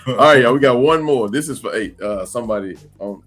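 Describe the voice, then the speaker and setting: A man's voice: mid-range voice, fairly quick. Laid-back guy hosting a live podcast, keeps laughing, faint music in the back. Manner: laughs often, lively and playful. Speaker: podcast host. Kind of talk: casual livestream chat, reading out viewer comments.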